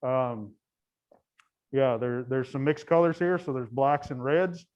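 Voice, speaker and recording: A man's voice: medium pitch, unhurried, a little mellow. Chatty man, dull lo-fi sound. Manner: chatty, self-interrupting, laughs often. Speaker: guide. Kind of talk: casual commentary.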